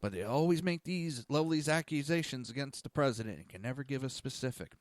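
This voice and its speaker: A man hosting a talk podcast, delivering a blunt, crude monologue that swings between loud ranting and low, muttered asides. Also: lively intonation, fast talker, no echo. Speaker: podcast host. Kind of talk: opinionated talk show monologue.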